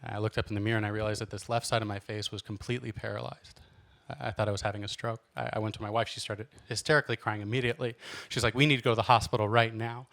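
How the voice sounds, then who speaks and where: This stand-up comic, a thirty-something man from LA, delivers theatrical, self-mocking stories onstage at a club, captured in a noisy live recording. He talks very fast in a lowish, fairly monotone voice that's slightly bright and carries vocal fry.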